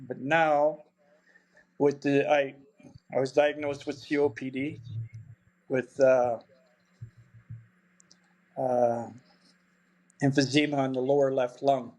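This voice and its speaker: A man's voice: mid-range voice, little pitch movement, slow, long pauses, darkish tone. A man, a podcast guest telling a story in a chatty, blunt way and laughing along. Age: 70s. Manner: chatty, blunt, swears freely, laughs through stories. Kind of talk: casual storytelling.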